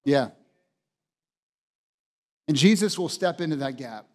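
A man's voice: on the high side, lively intonation, slow, darkish tone, big-room sound. A man preaching a sermon as pastor, passionate and emphatic, driving points home with repeated phrases.

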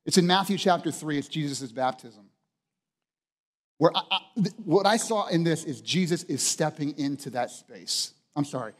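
A pastor delivers a sermon with passionate emphasis, his expressive voice a little high for a man and his pace moderate. He drives points home by repeating phrases, and long church-hall reverb trails each line.

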